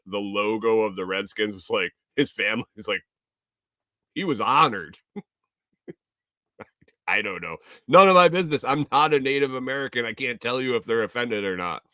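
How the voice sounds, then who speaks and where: A man's voice: fairly low pitch, sharp tone, clear, resonant tone, no room sound, studio quality. A man from Minnesota hosting a casual livestream, rambling through viewer comments and laughing often. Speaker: livestream host.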